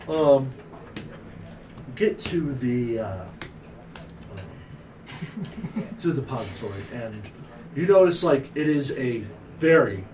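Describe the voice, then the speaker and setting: A man's voice: medium pitch, recorded from a distance, noisy background. A young man narrating as game master, with lots of fillers and restarts. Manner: halting, filler-heavy narration.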